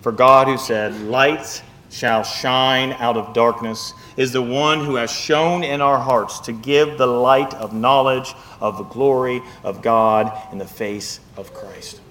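Male preacher, sermon delivery, quiet asides, rising to loud impassioned peaks, slow scripture reading. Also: fairly even intonation. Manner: wide swings from quiet asides to loud, high, impassioned stretches; reads scripture aloud slowly.

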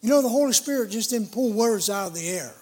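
A middle-aged man preaching a sermon in an earnest, emphatic way, with a measured delivery. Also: high voice, expressive.

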